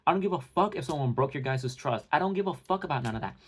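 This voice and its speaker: A man's voice: a little high, expressive, husky. Profane, ranting young man. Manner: heated, profane and sarcastic; fast bursts of talk with many fillers. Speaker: commentary channel host. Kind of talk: heated casual rant to viewers.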